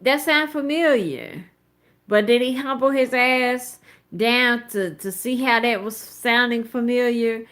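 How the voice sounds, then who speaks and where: Talking slowly in a fairly high, fairly bright voice, a woman in her thirties hosts a live commentary show. She speaks to her viewers in a casual, conversational way, and her commentary is blunt, emphatic and packed with swearing.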